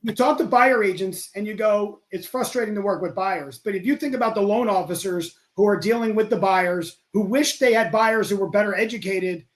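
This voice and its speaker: A man appears as a guest on a studio podcast. His voice sits high for a man, and he talks with eager emphasis. He circles back and repeats his key points. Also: brisk, few pauses. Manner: enthusiastic, emphatic, repeats himself. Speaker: guest, real estate expert. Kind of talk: casual podcast chat.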